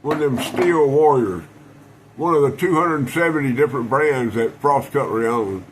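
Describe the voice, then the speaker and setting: Speaking at a moderate pace in a typical mid-range male voice, a knife collector vlogger chats to camera with faint room ambience in the background. His delivery is folksy and wandering, doubling back through restarts and fillers, and the rough recording has slight hiss or hum.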